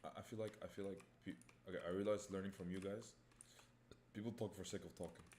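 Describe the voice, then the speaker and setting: A young man chatting loosely with his stream chat in a low, mellow voice, often repeating himself and swearing offhand. The room sounds roomy, with faint noise and keyboard clicks in the background. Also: steady tone, fast talker. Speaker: livestreamer. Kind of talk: casual live-stream chat.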